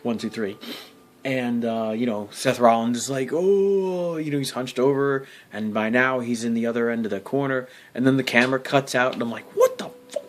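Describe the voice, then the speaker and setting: A man's voice: medium pitch, steady tone, a little fast, slight background noise. A man giving a casual, rambling wrestling recap full of fillers, swearing and sudden exasperated outbursts. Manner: rambling, profane, many fillers and restarts; jumps to loud exasperated outbursts. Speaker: wrestling vlogger.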